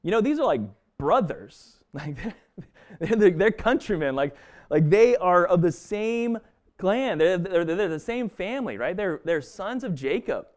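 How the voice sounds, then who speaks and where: This man's voice sits high with a sing-song quality and a darkish tone, at normal speed. He leads a casual Bible study, talking loosely, restarting sentences and using fillers often.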